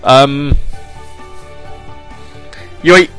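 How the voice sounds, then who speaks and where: A man's voice: mid-range voice, bright, forceful tone, smooth, soft background music. Rambling self-mocking British man presenter. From Britain. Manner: rambling, self-mocking, quick shifts into announcer voice. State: sore throat from the deep announcer voice. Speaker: internet radio presenter. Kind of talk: casual live radio chat.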